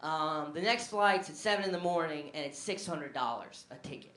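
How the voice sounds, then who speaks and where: A man's voice: a little high, expressive, normal speed, bright, forceful tone, pitched below the performer's own voice. A man doing a weary airline clerk woman. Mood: flat. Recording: echoey, noisy club recording.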